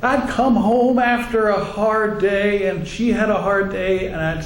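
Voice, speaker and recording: Slow, high-voiced man telling wry stories. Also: fairly even intonation, roomy sound, slight background noise, low-quality recording. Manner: wry storytelling with audience asides. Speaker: psychotherapist and speaker. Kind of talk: humorous talk to a congregation.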